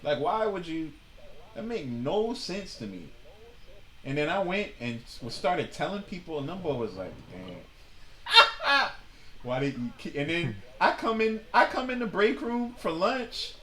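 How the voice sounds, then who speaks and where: A young man streaming a game and telling a long animated story in casual slang, acting out the people in it. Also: on the high side, a little slow, echoey room. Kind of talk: casual storytelling while gaming.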